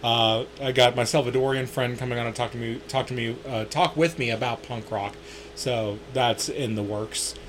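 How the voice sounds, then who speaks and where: A man's voice: mid-range voice, steady tone, moderate pace. A man hosting a podcast in casual chat, joking crudely and swearing a lot. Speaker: podcast host.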